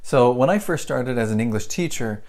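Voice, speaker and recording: Man, English teacher, chatty live pronunciation lesson, animated, greets viewers by name. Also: mid-range voice, normal speed. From United States.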